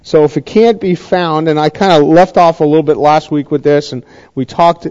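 A man's voice: fairly high pitch, normal speed, darkish tone. A man teaching a church Bible class, folksy and conversational, with many fillers and restarts. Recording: dull, echoey room sound.

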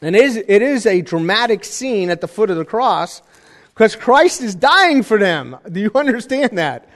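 A man preaching a sermon in a conversational style, with jokey asides and animated emphasis. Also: high voice, moderate pace, in a large hall. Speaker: pastor.

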